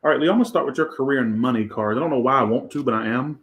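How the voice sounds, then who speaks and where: A man's voice: medium pitch, racing, a bit bright. Male tarot reader, profane and rambling, echoey room. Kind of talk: casual tarot reading.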